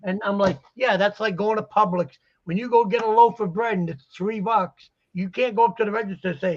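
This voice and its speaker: A man's voice: high voice, fairly even intonation, fairly quick, few pauses. A man chatting casually about dealing posters, rambling and acting out the conversations he quotes. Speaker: guest poster dealer. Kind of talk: casual chat. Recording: muffled lo-fi audio.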